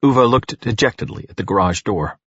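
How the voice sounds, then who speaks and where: Expressive male audiobook narrator, husky voice, dull lo-fi recording. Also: on the low side, a little fast, dry recording. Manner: expressive, storytelling.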